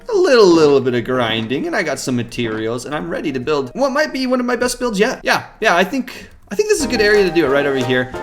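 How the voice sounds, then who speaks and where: Bouncy, high-pitched male gameplay host. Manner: animated, jokey, self-mocking. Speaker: Minecraft survival series host. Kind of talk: gameplay commentary.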